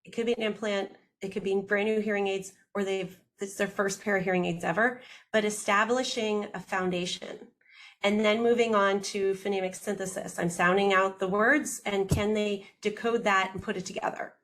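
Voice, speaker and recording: A woman audiologist talking in a casual interview, lively and quick, acting out what her patients say. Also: mid-range voice. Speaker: audiologist guest.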